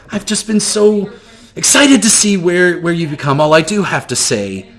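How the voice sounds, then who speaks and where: A man's voice: sits high, pitched above the performer's own voice. A man voicing a flamboyant, fussy male magical figure who gushes and repeats himself in a theatrical way.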